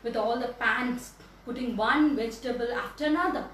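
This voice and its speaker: Animated Indian English woman storyteller. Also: a little high, normal speed, slight background noise. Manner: animated, playful. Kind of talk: children's story narration. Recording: echoey room from a distance.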